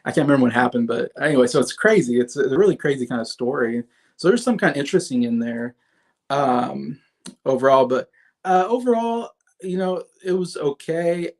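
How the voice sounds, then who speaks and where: Rambling man reviewing movies on a livestream. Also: mid-range voice. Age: 30s. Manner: rambling, with many fillers and restarts; chats with viewers in the comments.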